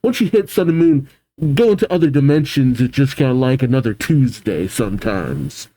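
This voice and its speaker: A man's voice: mid-range voice, lively intonation, normal speed, dark tone. A man hosting a manga reaction, chatting casually and thinking aloud.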